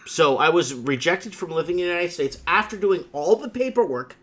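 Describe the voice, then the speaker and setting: A man's voice: fairly high pitch, lively intonation, fairly quick, a bit bright. A man hosting a livestream, chatting with a caller and telling stories in a rambling, emphatic way with frequent asides. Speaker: livestream host. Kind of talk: casual chat with a caller.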